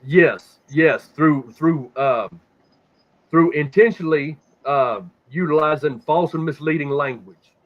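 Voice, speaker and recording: A slow-talking man with a voice on the high side hosts a casual podcast on conspiracy topics. He rambles and swears constantly, repeating words as he looks for what to say next, over dull, lo-fi audio.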